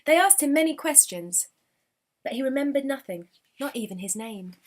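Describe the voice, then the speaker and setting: A woman reading a children's storybook aloud with an expressive, animated delivery. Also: high-pitched, moderate pace, a little hiss or hum.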